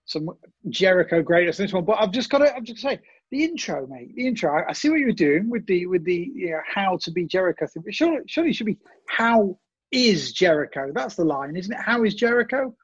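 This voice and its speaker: A man's voice: high voice, big pitch swings, fast talker, husky, no room sound, highs cut off. A man co-hosting a casual podcast, jokey and easygoing, teasing his friend. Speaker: podcast co-host.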